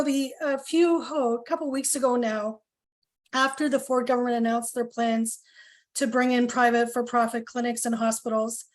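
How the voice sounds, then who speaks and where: Earnest high-voiced woman at a town hall. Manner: earnest and emotional, many fillers and apologies. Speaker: health coalition speaker at a town hall. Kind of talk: public speech at a town hall.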